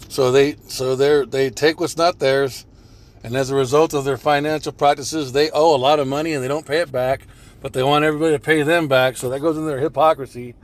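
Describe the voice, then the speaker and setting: A man's voice: mid-range voice, fairly even intonation, fairly quick. A man giving profane religious commentary over video clips, reading scripture and repeating phrases like a preacher.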